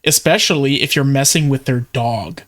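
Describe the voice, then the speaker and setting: A man's voice: medium pitch, moderate pace, a bit bright. A man streaming his reactions to a video, chatting casually and joking often.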